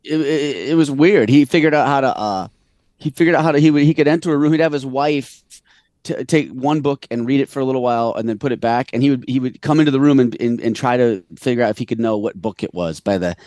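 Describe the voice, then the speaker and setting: A man's voice: medium pitch, fast, darkish tone, dry recording. A man co-hosting a casual movie podcast, telling stories in a rambling way with many restarts. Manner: rambling, full of restarts and fillers. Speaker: podcast co-host. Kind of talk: casual chat.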